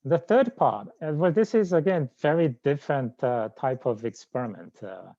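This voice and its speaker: A middle-aged man with a Korean accent giving a scientific research lecture, halting often with fillers and restarts. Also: medium pitch, lively intonation, dark tone, no echo. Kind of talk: academic lecture. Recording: dull lo-fi sound.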